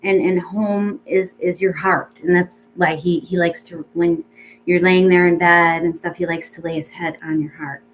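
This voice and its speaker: A woman's voice: on the low side, fairly even intonation, normal speed, a little hiss or hum, low-quality recording. Chatty woman giving a pet psychic reading. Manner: chatty and rambling, full of ums and likes; gentle and reassuring. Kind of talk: casual spoken mediumship reading.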